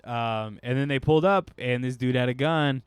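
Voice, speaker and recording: A man's voice: medium pitch, normal speed, clean tone. A man, a guest comedian, telling a wild story in casual chat, rambling and acting out what people said. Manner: rambling, animated, acts out quotes.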